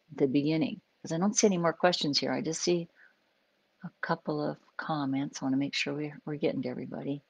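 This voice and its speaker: A woman with a notably low voice talks through ideas in an unscripted, conversational way, hosting a live stream as a psychologist. The sound is dry and close, with no room ring. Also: no echo, low-quality recording. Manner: conversational, explains with acted examples and asides. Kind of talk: unscripted teaching talk to a live audience.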